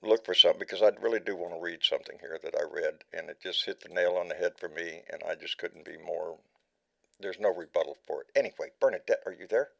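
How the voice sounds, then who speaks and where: A man with a fairly low voice hosts a live online talk show. He reads a long passage aloud, often stumbling and going back over words as he goes. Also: vocal fry. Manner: halting, restarts words while reading. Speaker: host.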